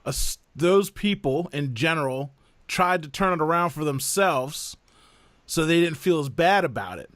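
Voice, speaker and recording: A man hosting a podcast, telling family stories in animated casual chat. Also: fairly high pitch, normal speed, dry recording. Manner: animated storyteller who mimics voices. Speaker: podcast host.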